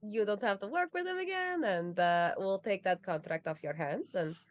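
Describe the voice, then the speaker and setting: Woman player in a tabletop game, brisk, dry close mic, faint music. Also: mid-range voice, dry recording. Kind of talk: in-character tabletop play.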